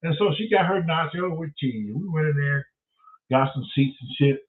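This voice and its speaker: A man's voice: on the high side, moderate pace. A man from telling a comic story, cursing freely and acting out the other people's voices. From Detroit, USA. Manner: profane, animated, acts out voices of others. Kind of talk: comedic storytelling. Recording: tinny phone-like sound from a distance.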